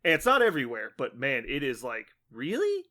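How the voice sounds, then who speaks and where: Bright-voiced ranting podcast man. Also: mid-range voice, fast talker. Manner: animated, profane ranting with acted-out quotes. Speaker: podcast co-host. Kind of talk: casual podcast chat.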